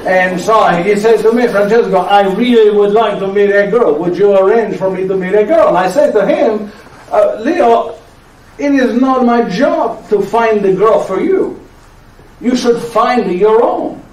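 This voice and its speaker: An actor playing an aging, tired but playful friar with an Italian accent, a teasing storyteller who keeps asking "yes?". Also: male voice, high-pitched, measured pace, darkish tone. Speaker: actor performing a one-man show. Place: church hall before a live audience. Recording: echoey church hall, voice from far off.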